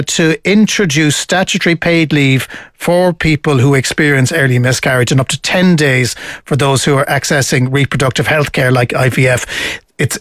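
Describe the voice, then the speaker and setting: An Irish man hosting breakfast radio, his voice sitting a bit high for a man. He banters and joshes between items. The studio sound is dry and close. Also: dry recording. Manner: quick, bantering, joking. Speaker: radio breakfast show host. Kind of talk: live radio chat.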